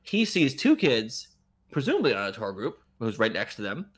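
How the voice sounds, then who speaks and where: A man co-hosting a casual podcast, talking through a movie plot in a loose, rambling way. His pitch swings widely as he gets worked up, and he often stops and restarts his sentences. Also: moderate pace, husky. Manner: rambling, animated movie recap with frequent restarts. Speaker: podcast co-host. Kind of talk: casual chat.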